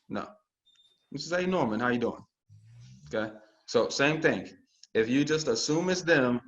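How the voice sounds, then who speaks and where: A man coaching a group on a call, energetic and constantly checking in with "okay?". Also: mid-range voice, dull audio. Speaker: real estate investing coach. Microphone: video call.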